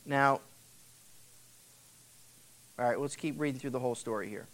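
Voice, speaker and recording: A man's voice: medium pitch, normal speed, fairly bright tone. A male pastor giving a casual, conversational sermon, retelling Bible stories and acting out the characters' words. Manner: acts out the characters' words in quotes.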